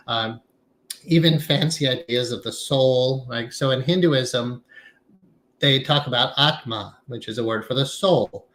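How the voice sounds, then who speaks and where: A man giving a conversational lecture on meditation to a class, talking in a relaxed, reflective way with some fillers. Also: mid-range voice, rough recording. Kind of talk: casual lecture.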